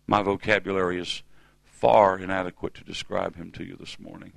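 Middle-aged guy preaching, gravelly voice, dry sound, keeps calling on the crowd. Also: deep voice, level tone, normal speed, no room sound, rough recording. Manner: emphatic, calls on the congregation to respond. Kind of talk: sermon. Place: church service.

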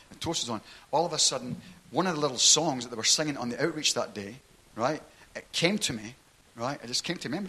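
A middle-aged preacher gives his testimony, recounting his conversion in a sermon and frequently checking in with "right?". His voice is mid-range and bright, forceful in tone with a breathy edge.

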